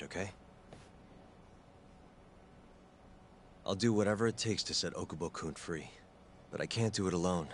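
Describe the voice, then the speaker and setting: A man voicing an earnest lawyer, deep. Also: a little hiss or hum, close to an everyday voice. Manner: calm, earnest and measured. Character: earnest male lawyer turned detective. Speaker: lawyer in a video game. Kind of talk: game voice acting.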